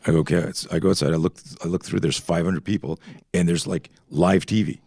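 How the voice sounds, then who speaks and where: Super deep gravelly guy in his 50s, swears a lot, rambles off on tangents, dry studio sound. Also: steady tone, fairly quick, darkish tone, dry recording. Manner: profane, rambling, full of tangents. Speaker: podcast guest, self-defense instructor. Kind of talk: casual storytelling chat.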